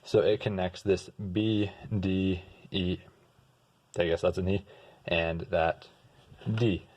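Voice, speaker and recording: A young man giving a casual music lesson, explaining terms in a relaxed way and singing short example notes. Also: deep voice, slow pace. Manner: relaxed, sings example notes and restarts words. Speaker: music tutor.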